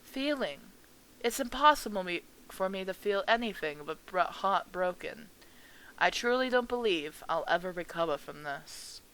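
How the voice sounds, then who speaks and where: A woman voicing a gentle, grieving elderly mother at a funeral, speaking softly and slowly with a tremble, for a game. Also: on the low side, expressive, low-quality recording. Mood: heartbroken.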